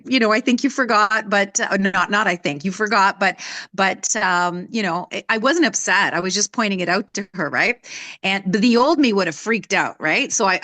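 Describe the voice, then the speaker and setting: A woman's voice: medium pitch, a bit bright, no room sound. Candid woman in her sixties telling a story. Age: 60s. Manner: candid, emphatic, raises her voice to act out others in quotes. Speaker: personal development coach. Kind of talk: personal storytelling in a live talk.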